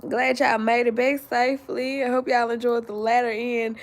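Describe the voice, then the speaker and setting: A sleepy woman hosting a casual live chat, talking slowly and straight to her viewers as she reads their comments. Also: fairly high pitch, level tone. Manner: slow and drowsy, talks straight to viewers. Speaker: livestream host reading viewer comments.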